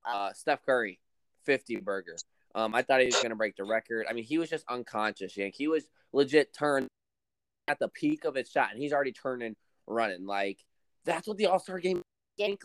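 Man, mid voice, casual sports banter, excitable, dry close sound. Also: medium pitch, no room sound. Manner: excitable, quick reactions and banter. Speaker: sports podcast co-host.

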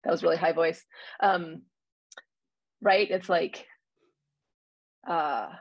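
Husky, gravelly low-voiced woman. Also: fairly even intonation, dry recording, lo-fi sound. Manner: reflective, many pauses and fillers. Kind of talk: casual conversation.

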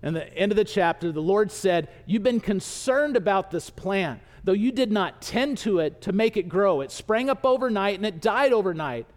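Man, pastor, sermon, animated storytelling, high voice, hall reverb. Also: normal speed, few pauses.

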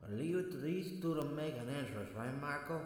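A man's voice: fairly high pitch, lively intonation, brisk, slight background noise, natural voice. A man with a Cuban accent playing a ruthless male cartel boss who talks in a blunt, taunting way. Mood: menacing. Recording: echoey hall reverb.

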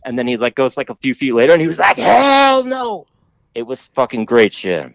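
A man's voice: medium pitch, quick pace, dry recording, rough recording. A man hosting a podcast, telling a long story in a rambling, profane way full of fillers. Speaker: podcast host telling stories. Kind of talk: casual storytelling.

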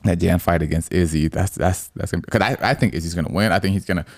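A young man co-hosting a casual sports podcast, excitable and swearing a lot, calling his friend bro. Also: low voice, rapid-fire, dry recording, studio quality. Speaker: podcast co-host.

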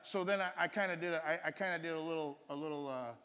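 A man's voice: on the high side, quick pace, sharp tone, big-room sound, a little hiss or hum. A man preaching, telling a personal testimony story in a rambling, chuckling way with many restarts.

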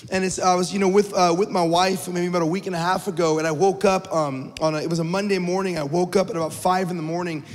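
Male pastor, thirties, high pitch, earnest storytelling sermon, heavy reverb. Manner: earnest storytelling, frequent repeated words.

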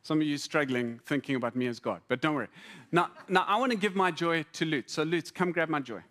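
A man preaching a sermon to a congregation, conversational and humorous, with lively repetitions. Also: on the high side, brisk. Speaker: pastor. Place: church hall before a congregation.

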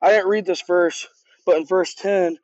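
A man's voice: high-pitched, steady tone, moderate pace, darkish tone, no room sound. A man who leads a youth group, giving a casual sermon in an earnest, conversational way, often restarting and repeating words. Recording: dull, dry lo-fi recording.

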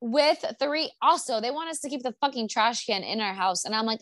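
A woman's voice: on the high side, fairly quick, no echo. A young woman telling a story in a casual chat at her apartment, rambling and swearing with lots of fillers.

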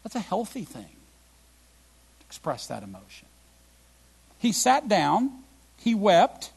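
Animated, gravelly-voiced male pastor preaching. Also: takes it slowly. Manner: animated preaching, swinging from loud emphatic bursts to quiet, low reflective lines. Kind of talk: sermon.

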